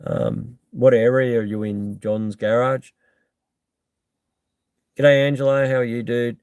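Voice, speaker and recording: A man's voice: medium pitch, animated, takes it slowly, darkish tone, smooth, no room sound. An Australian man hosting a live stream, chatting casually and bluntly as he reads out and answers viewer comments, with lots of ums.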